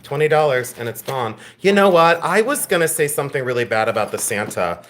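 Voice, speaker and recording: A man's voice: mid-range voice, expressive, fairly quick, fairly bright tone. A man hosting a live jewelry sale stream, teasing viewers in the chat, laughing often and turning tender when he speaks to a friend.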